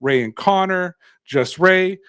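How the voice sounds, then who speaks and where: A man's voice: high voice, takes it slowly, a bit bright, clear, resonant tone, no echo. A man from Canada co-hosting a sports podcast, talking in a sarcastic, ranting, jokey way. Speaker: podcast co-host. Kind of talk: casual chat.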